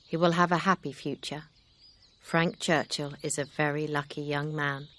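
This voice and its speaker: A woman voicing a grave, kind gentleman suitor in an audiobook reading, speaking in a steady, sincere way. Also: low-pitched, normal speed.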